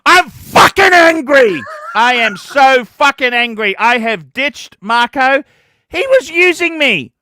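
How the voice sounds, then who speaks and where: Aussie guy on a livestream, slow and clear, swearing and yelling now and then, dry sound. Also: extremely high pitch, lively intonation, dry recording. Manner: profane, ranting, bursts into shouting. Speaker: livestream host. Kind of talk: ranting livestream chat.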